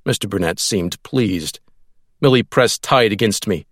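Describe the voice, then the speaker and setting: A man's voice: on the low side, animated, normal speed, dry recording. Dry-voiced male audiobook narrator.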